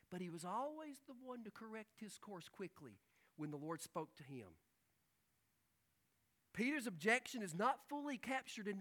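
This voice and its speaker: A man preaching a sermon, who swings between hushed, slow stretches and loud, emphatic outbursts. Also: high voice. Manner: dynamic preaching, drops to hushed tones and rises to emphatic outbursts. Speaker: pastor.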